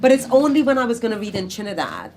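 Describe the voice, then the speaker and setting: A woman poet answering questions at a literary event, telling lively stories and acting out family voices. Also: a little high, fast talker, a little hiss or hum. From Britain, of Grenadian family. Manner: animated storytelling, acts out family voices. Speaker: poet in conversation. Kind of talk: casual literary Q&A talk.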